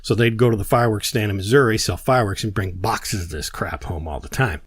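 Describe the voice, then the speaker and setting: A man hosting a podcast who tells stories in a casual, animated way and acts out the quotes. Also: on the low side, breathy edge, no echo, clean studio sound. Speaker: podcast host. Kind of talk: casual storytelling chat.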